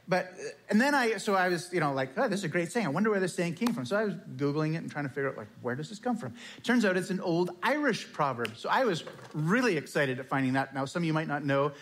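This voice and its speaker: Chatty pastor, man, slightly high voice. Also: fairly bright tone. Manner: chatty, self-deprecating, acts out dialogue. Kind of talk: casual storytelling sermon. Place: church.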